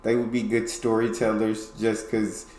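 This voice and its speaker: A man from the United States hosting a casual reaction video, relaxed with easygoing asides. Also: on the low side, normal speed. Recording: echoey room.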